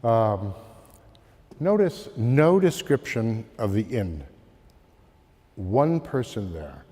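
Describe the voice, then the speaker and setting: Halting man lecturing in a reverberant hall. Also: fairly low pitch, big pitch swings, dark tone. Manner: halting, many fillers, calling for the next slide. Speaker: art history lecturer. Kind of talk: slide lecture.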